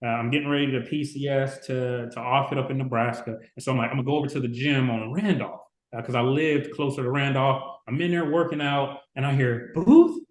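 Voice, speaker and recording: A man's voice: medium pitch, steady tone, fairly quick, few pauses. A man in his forties from Chicago, telling stories as a podcast guest and acting out the people he quotes. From Chicago, USA. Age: 40s. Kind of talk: casual storytelling interview. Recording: roomy echo.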